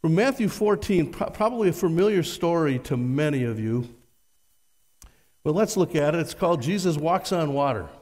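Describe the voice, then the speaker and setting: A man with a notably high voice preaches from the pulpit and reads scripture with dramatic emphasis. He often turns to the congregation with rhetorical questions. His voice carries a long reverb from the church hall around him. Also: animated, normal speed, darkish tone. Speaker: pastor. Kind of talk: sermon. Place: church sanctuary.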